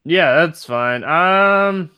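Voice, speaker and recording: Man, podcast host, bright voice, smooth and crisp, casual chat full of ums. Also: fairly high pitch, extremely slow. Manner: relaxed, frequent ums, playful.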